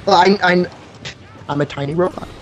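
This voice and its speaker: A man's voice: sits high, moderate pace, muffled recording, a crowd in the background. A man playing a co-op game with friends in casual chat, playful and laid-back. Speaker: co-op game partner.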